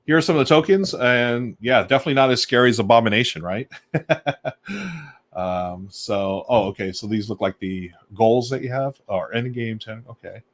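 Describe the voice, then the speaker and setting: A man's voice: medium pitch, normal speed. A man hosting a casual live stream, chatting enthusiastically to viewers while unboxing a board game and snacking, with plenty of fillers as he thinks aloud. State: munching snacks while talking. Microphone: desk microphone on a live stream.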